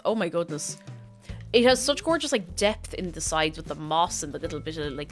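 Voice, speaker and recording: A woman streaming a video game, chatting casually and gushing, often dropping into excited whispers. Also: mid-range voice, a little fast, soft background music.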